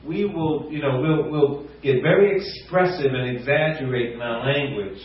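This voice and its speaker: Male preacher, fairly high voice, animated delivery, distant mic in a very echoey room, slightly muffled. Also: normal speed, a little hiss or hum. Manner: animated, rising to near shouts, acts out quotes. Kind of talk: sermon.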